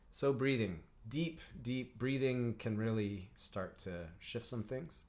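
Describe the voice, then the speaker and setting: Calm and instructive, a man with a medium-pitched voice teaches breathing on a livestream; he's a didgeridoo teacher who also works as a counsellor. He clears his throat often and greets and chats with people in the chat.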